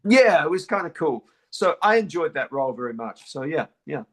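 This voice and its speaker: A man's voice: fairly high pitch, sing-song, normal speed, fairly bright tone. A man from New Zealand, an actor being interviewed, talks casually and often repeats words and restarts his sentences. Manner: repeats words and restarts, many "you know".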